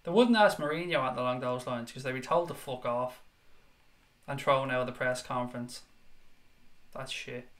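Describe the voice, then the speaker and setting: A man's voice: medium pitch, normal speed, pauses often, fairly bright tone. Blunt, sweary male livestream host. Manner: blunt and sweary, reading chat comments aloud. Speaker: livestream chat show host. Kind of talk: casual live chat with viewers.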